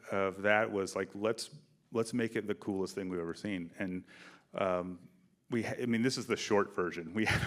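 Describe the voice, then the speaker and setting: Onstage at a theater, facing the audience, a director answers questions at a film festival Q&A by telling stories from behind the scenes. He sounds relaxed and lively in his fairly low voice, animating the tale by acting out quoted exchanges.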